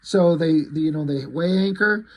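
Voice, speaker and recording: A man's voice: a little high, moderate pace. A man casually paging through a comic book, loosely retelling the story in a rambling way.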